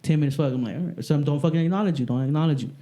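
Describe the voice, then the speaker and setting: A man chatting casually on a podcast, telling animated, profanity-laced stories about greeting kids at the school where he works. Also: a little high, rapid-fire. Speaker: podcast co-host; school staff working with kids. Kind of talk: casual chat.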